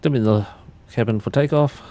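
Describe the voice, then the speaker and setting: At a normal speed and in a mellow, mid-range voice, a man livestreams his way through cockpit steps. The commentary is casual, with loose chat aimed at viewers and sentences he often restarts.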